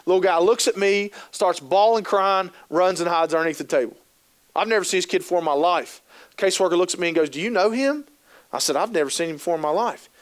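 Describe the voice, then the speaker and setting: A man with a high voice gives a conference talk at a training session. He tells stories with animation, acting out the inner voices of the people he describes and putting rhetorical questions to his audience. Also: clear, resonant tone. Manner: animated storytelling, acts out quoted thoughts.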